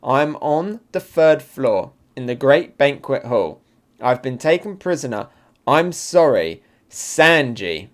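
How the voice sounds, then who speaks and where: A man reading as a calm captured woman. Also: mid-range voice, takes it slowly. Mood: apologetic.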